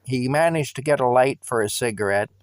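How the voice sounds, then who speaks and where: A man spinning a yarn from his taxi days, animated and chuckling as he goes. His voice is mid-pitched and the sound is dry and close, with no room around it. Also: a little fast, dry recording. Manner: animated, quoting people, chuckling. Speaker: former taxi driver. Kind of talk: casual personal storytelling.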